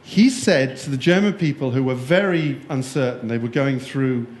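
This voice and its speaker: A man's voice: mid-range voice, normal speed, a little mellow. A man giving a conference keynote, jokey and playful, quizzing the live audience in the room. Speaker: keynote speaker. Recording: echoey room.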